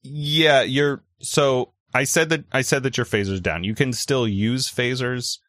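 A man running a tabletop role-playing game as game master, talking in halting bits full of fillers and restarts. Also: mid-range voice, steady tone, fairly bright tone, no room sound, studio quality.

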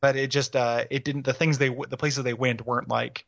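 A man co-hosting a casual podcast chat, rambling fast and laughing often. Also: medium pitch, flat delivery, gravelly. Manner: laughs often, fast rambling, drops into silly put-on voices. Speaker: podcast co-host. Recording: slightly dull lo-fi sound.

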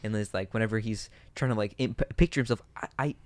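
Low-voiced man musing about worldbuilding. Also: quick pace, no room sound. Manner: musing, filler-heavy, trailing restarts. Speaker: podcast co-host. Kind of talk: casual chat about tabletop game worldbuilding.

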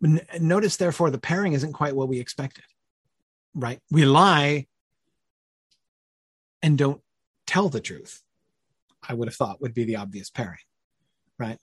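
A man teaching a Bible study in an easy, conversational way, often pausing with fillers and asking his listeners to confirm points. His voice is a little husky and sits at an ordinary middle pitch. The recording is dry and close. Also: no echo. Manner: thinking aloud, many fillers and tag questions.

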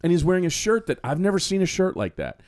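Here the Florida co-host's voice sits high and moves quickly, recorded in clean studio sound without echo. He animatedly acts out dialogue from both sides while telling a story in a relaxed podcast chat.

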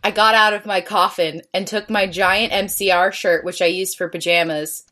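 A woman reads aloud in a mid-pitched, ordinary voice, trying to keep a straight face. She trips over words and dissolves into giggles now and then. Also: steady tone, moderate pace, bright, forceful tone. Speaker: podcast co-host. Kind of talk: comedic reading aloud.

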